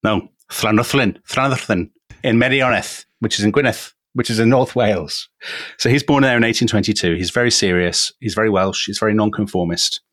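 With a lowish, fairly bright voice and fairly even intonation, this English podcast co-host talks quickly. He's telling a history story with gusto, chuckling frequently and naming his co-host as he goes. The studio sound is clean, without any room sound.

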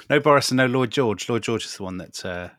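A middle-aged man co-hosting a podcast, chatting in a measured, wry way and thinking aloud with pauses. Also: medium pitch, lively intonation, a bit bright, no room sound, clean studio sound. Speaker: podcast co-host. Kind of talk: casual chat.

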